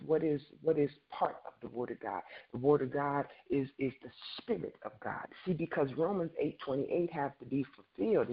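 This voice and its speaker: Husky fervent preacher, muffled recording. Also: mid-range voice. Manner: fervent, repeats words, reads scripture aloud and calls out to the congregation. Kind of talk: sermon.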